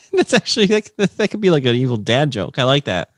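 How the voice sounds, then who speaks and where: A man's voice: fairly high pitch, no echo. A man co-hosting a comedy podcast, laughing often and riffing on crude jokes. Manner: laughs a lot, drawn-out slow delivery. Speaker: podcast co-host.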